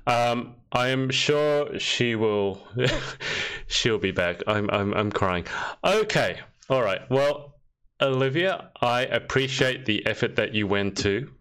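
A woman hosts a podcast over a video call, teasing and giggling as she chats. Her pitch swings widely. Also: expressive, slow pace, a bit bright, clean tone. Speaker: podcast host. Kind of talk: casual chat.

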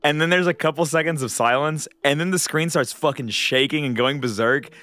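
A man hosting a casual podcast who recaps a game excitably, laughing a lot and swearing. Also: a little high, a little fast, no room sound, faint music behind.

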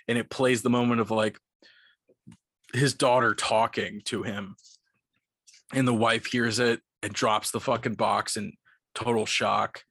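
Man, tipsy, podcast co-host, excited rambling, swears a lot, bright forceful tone. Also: lowish voice, no room sound, studio quality. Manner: excited rambling retelling, heavy swearing and "like" fillers. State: tipsy from liquor. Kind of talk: casual movie-recap chat.

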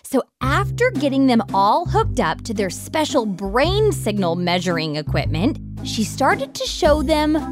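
A woman co-hosting a playful kids' science podcast in an excitable, theatrical way. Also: high voice, unhurried, few pauses. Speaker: co-host. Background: music.

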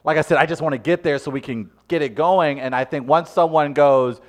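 A man's voice: fairly high pitch, brisk. A man co-hosting a radio show, joking, laughing a lot and slipping into goofy voices. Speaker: co-host. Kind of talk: casual radio show banter.

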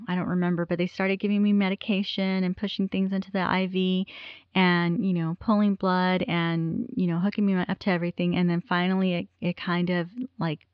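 A woman's voice: fairly low pitch, smooth, dry recording, lo-fi sound. A woman in her forties telling a personal story in a candid, rambling way, with many fillers. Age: 40s.

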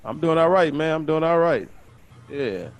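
A man hosting a casual podcast chat, talking quickly and excitedly, often repeating words as he goes. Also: a little high. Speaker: podcast host.

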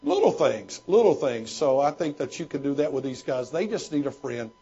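A man's voice: medium pitch, big pitch swings, normal speed, mellow, husky. A man, a pastor and former missionary, answering questions in folksy storytelling with many restarts. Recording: dull lo-fi recording.

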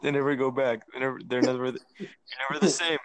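A man's voice: mid-range voice, fairly even intonation, fast. A young man co-hosting a casual podcast chat, blunt and swearing a lot. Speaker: podcast co-host.

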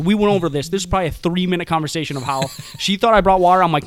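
Young guy rambling thru a cussing story, kinda high voice, dry close sound. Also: fast, hardly any pauses, a bit bright, no room sound. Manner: profane, laughing, rambling storyteller. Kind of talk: casual storytelling chat.

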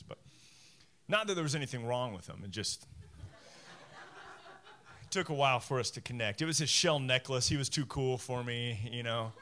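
A man in his forties preaching a sermon from a church stage, animated and self-deprecating, acting out voices as he goes. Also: medium pitch. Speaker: pastor. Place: church stage before a congregation.

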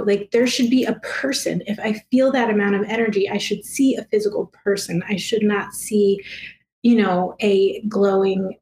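A woman guest telling a personal story in a soft, emotional way, halting and full of fillers and restarts. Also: on the high side, reverberant, a little hiss or hum. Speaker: guest, past life regression therapist.

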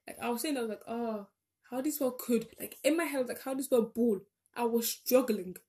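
A woman's voice: a little high, fast, dark tone. A young woman, chatting casually and rambling as she corrects herself along the way. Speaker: vlogger. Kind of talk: casual chat.

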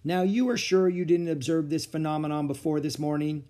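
A man reading aloud, voicing a strict middle-aged woman math teacher who speaks sternly and crisply. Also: on the high side, fairly even intonation, brisk, warm tone, close to an everyday voice. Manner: stern, clipped, schoolmarmish.

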